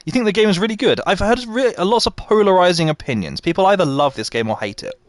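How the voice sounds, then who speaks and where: He talks fast in a high, expressive voice, recorded without echo. As he streams a game live, he's chatty, reading viewer messages aloud and responding mid-play.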